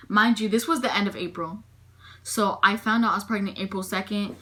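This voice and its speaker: A young woman tells a personal story straight to her camera, quoting herself and others as she goes. Her voice has a bright edge and sits at an ordinary pitch for a woman. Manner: emotional retelling, frequent "I'm like" quotes. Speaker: vlogger.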